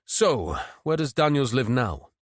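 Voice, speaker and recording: A man's voice: mid-range voice, very animated, a little slow, no room sound. Man voicing a dry senior detective chief.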